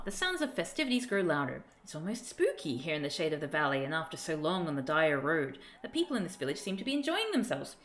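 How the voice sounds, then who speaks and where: A woman's voice: deep voice, sing-song, fast, few pauses, fairly bright tone, a little hiss or hum. A woman streamer reading a gamebook aloud with theatrical flair, often tripping over words and starting sentences again. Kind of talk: dramatic gamebook narration on a live stream.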